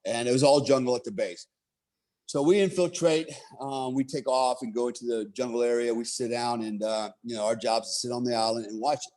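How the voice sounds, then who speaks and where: A middle-aged American man, a military veteran, telling a war story in a casual interview, animated and swearing freely, laughing along as he talks. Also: medium pitch, fairly quick.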